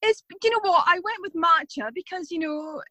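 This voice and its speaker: Guest: high, bubbly Scottish woman, dry close sound. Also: normal speed, bright, forceful tone, dry recording, low-quality recording. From Scotland. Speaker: guest baker. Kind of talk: casual podcast chat.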